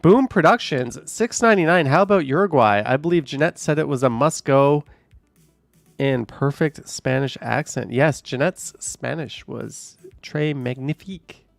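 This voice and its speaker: A man's voice: on the high side, normal speed, creaky, dry recording. A man live-streaming, chatting casually and reading viewer comments aloud, musing in a rambling way with lots of fillers. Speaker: live-streaming walking vlogger.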